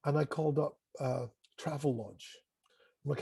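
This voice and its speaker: A man telling classroom stories in an animated way, swearing casually and acting out what people said. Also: medium pitch, moderate pace, vocal fry, slightly rough, no room sound. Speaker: guest, music educator. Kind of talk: casual conversation, storytelling.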